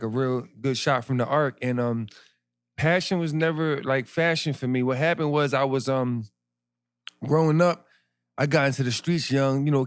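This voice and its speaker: A man, a podcast guest telling his story in animated street slang. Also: mid-range voice, clear, resonant tone, no echo, studio quality. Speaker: podcast guest, clothing brand founder. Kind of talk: casual interview storytelling.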